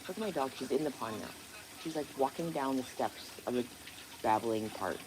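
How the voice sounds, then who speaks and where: A rumbling low voice at a moderate pace belongs to a woman livestreaming outdoors by a pond. She keeps it casual and rambling, swearing at times and replying out loud to comments from viewers, while sounds of the outdoors fill the background.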